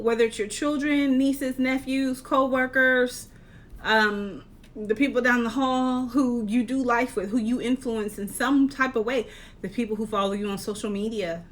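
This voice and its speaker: A woman life coach giving an earnest, encouraging talk, posing rhetorical questions with measured, deliberate delivery. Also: fairly high pitch. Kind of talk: motivational talk to camera.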